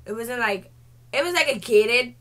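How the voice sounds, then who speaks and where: Bright-voiced young woman telling a story. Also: on the high side, moderate pace. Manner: animated, lively retelling with slangy asides. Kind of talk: casual storytime.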